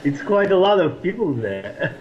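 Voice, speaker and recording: A man's voice: high voice, very animated, moderate pace, dull audio. A man calling in over a video call, hesitant and laughing, with many restarts. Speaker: remote caller. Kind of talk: casual chat over a call.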